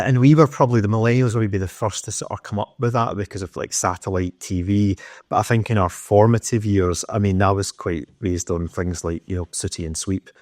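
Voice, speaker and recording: A man's voice: sits low, darkish tone, no echo, clean studio sound. A man in his thirties hosting a podcast, ranting in casual, sweary, opinionated chat. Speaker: podcast host.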